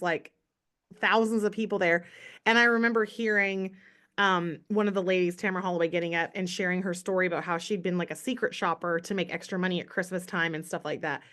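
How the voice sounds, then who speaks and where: A woman's voice: mid-range voice, fairly bright tone, smooth. A woman in her thirties telling her story in a chatty, motivational way on a casual team call. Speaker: direct sales team leader.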